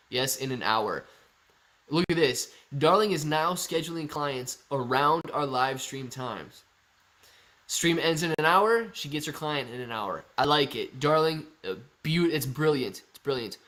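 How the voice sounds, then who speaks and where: A man's voice: medium pitch, fairly bright tone. Chatty man hosting a live stream. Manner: joking, chatty, reads chat messages aloud. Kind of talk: casual live chat reading viewer comments.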